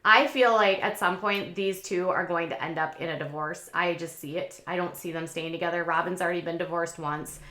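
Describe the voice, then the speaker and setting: A woman's voice: lowish voice, pushed and bright, echoey room. A woman hosting a casual commentary channel, talking in a chatty, opinionated way with lots of fillers.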